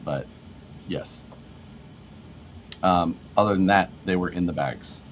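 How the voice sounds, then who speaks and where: A man co-hosting a casual livestream, relaxed, laughing often as he reads viewer comments aloud. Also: sits low, slow, a little hiss or hum. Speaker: livestream co-host.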